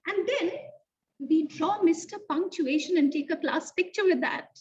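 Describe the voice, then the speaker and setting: A woman teaching an online lesson to young children, in an animated, sing-song teacher voice that slows to stress key words. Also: very high voice. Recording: distant, dull lo-fi sound.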